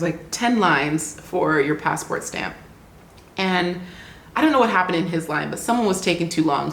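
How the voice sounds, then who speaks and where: A woman telling a casual travel diary story, animated and often laughing, restarting her sentences. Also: mid-range voice, a little hiss or hum. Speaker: travel vlogger. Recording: roomy echo with faint ambience.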